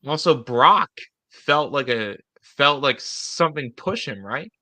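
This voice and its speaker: A man's voice: medium pitch, lively intonation, slow pace, bright, forceful tone, no echo. A man in a casual podcast chat, talking hesitantly with many fillers.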